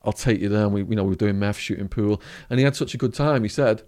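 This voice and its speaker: A man's voice: lowish voice, fast talker, hardly any pauses, darkish tone. A man with an English accent, a podcast guest telling a vivid story and acting out the voices of the people in it. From England. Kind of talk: storytelling interview.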